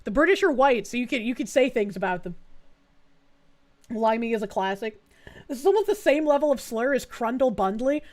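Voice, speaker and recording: A woman's voice: on the high side, lively intonation, a little fast. A woman from Boston streaming live, reacting to clips with crude jokes and reading out chat messages. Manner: crude, joking, reads chat messages aloud.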